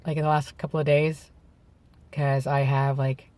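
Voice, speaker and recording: A man with a gravelly voice worn by vocal nodes, a bit hoarse from throat clearing, talking candidly to camera outdoors in a reflective, halting way. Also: mid-range voice, little pitch movement, a little mellow, no echo. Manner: reflective and halting, with restarts and self-corrections. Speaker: vlogger. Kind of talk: candid personal talk to camera. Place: outdoors in bright daylight.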